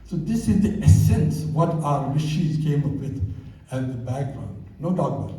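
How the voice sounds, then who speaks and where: A man's voice: medium pitch, very animated, unhurried, warm tone, faint music behind. An older man giving a reflective, storytelling talk to a live audience in a hall. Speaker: speaker. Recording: very echoey hall, voice from far off.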